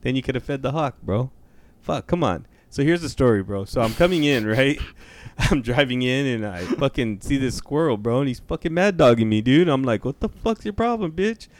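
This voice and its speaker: A man's voice: mid-range voice, lively intonation, normal speed. A man co-hosting a podcast, telling a story in casual chat, swearing constantly, laughing often and calling his friend bro. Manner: profane, laughing, says bro a lot. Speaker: podcast co-host.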